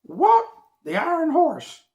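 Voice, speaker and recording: A man voicing an excited talking bird with a shrill, squawking cry of surprise. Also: slow, heavily acted. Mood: astonished. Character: squawking excited baseball-loving parrot.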